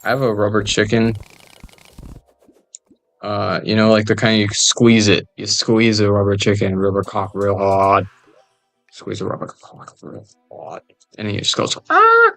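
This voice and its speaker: A man's voice: lowish voice, monotone, a little slow, creaky, pauses often, soft background music. A man joking and rambling through casual gameplay commentary, often trailing off into mumbled asides. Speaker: gamer recording gameplay.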